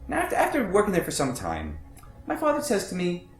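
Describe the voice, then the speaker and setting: A profane, blunt New butcher, as a man plays him on stage, tells his life in a stage monologue. His voice swings wildly up and down, sitting a little high. It rings in a roomy theater with faint music underneath. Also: huge pitch swings, fairly quick, heavily acted. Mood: bitter. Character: brash foul-mouthed middle-aged male butcher.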